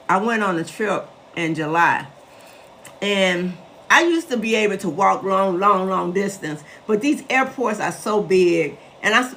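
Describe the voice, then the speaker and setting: A woman's voice: medium pitch, fairly bright tone, slight background noise. A woman in her sixties from Chicago, telling a story to her live viewers in a chatty, emphatic way. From west side of Chicago. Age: 60s. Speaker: host addressing live viewers. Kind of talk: casual live-stream storytelling.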